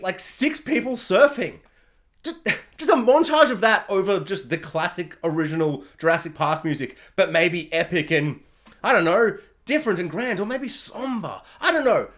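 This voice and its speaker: A man's voice: high voice, a bit bright. A man giving a casual, rambling film review that keeps interrupting itself and slipping into silly character voices.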